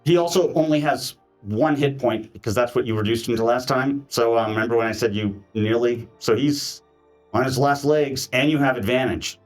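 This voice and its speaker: A man narrating as game master of a live tabletop game, switching into shouted voices for enemies. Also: medium pitch, moderate pace, faint music behind. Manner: animated, acts out enemy soldiers with shouts. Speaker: dungeon master.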